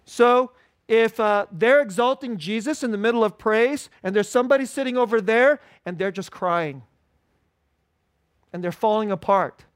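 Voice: mid-range voice, normal speed, no echo, clean studio sound. A pastor giving an informal, conversational sermon at a church service, repeating key phrases and chuckling often.

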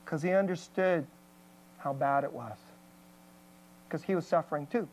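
A woman's voice: low voice, moderate pace, a little mellow, slight background noise, poor audio. A woman pastor giving an emotional, candid personal testimony in a sermon, with plenty of fillers and restarts.

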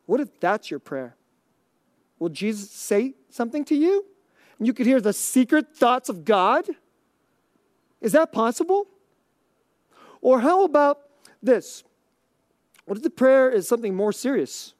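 A man preaching a conversational sermon, chuckling often and dropping to a near hush on key lines. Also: extremely high pitch, sing-song, a little slow, long pauses, no room sound, clean studio sound. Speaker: pastor.

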